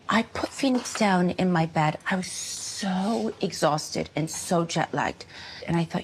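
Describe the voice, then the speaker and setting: A woman's voice: fairly low pitch, unhurried, a little hiss or hum. A reality show woman giving an emotional personal retelling, dramatic and acting out quotes. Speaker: reality show cast member.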